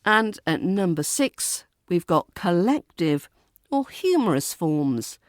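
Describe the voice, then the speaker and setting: A woman with a British accent, hosting a podcast lesson and teaching pronunciation with clear, careful delivery. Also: fairly low pitch, very animated, takes it slowly, no room sound, studio quality. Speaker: accent coach and podcast host. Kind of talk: spoken English lesson.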